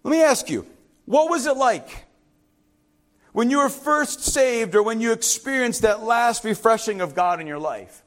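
A man's voice: very high-pitched, expressive, unhurried, a bit bright. A middle-aged man, a pastor, telling a story in his sermon and then preaching with rising emphasis.

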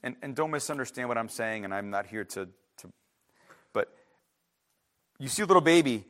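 A man's voice: mid-range voice, animated, normal speed, fairly bright tone. A man preaching a sermon in an emphatic, conversational way, with frequent restarts and asides to the congregation. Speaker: pastor.

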